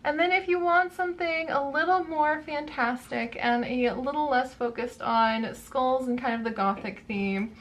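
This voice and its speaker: A young adult woman with a high-pitched voice chats casually while unboxing a book box, gushing and quickly exclaiming over each item.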